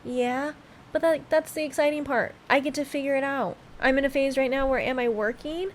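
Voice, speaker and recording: Late-20s woman, solo podcast host, candid and emotional, swears freely, slightly high voice, faint background hiss. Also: fairly even intonation, fairly quick. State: tearful at times. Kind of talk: reflective solo podcast monologue.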